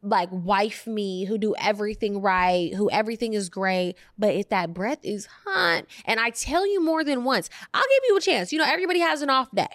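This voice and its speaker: A woman's voice: mid-range voice, lively intonation, normal speed, hardly any pauses, a bit bright, no echo, clean studio sound. A young woman co-hosting a podcast, blunt and teasing in slangy casual chat. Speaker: podcast co-host.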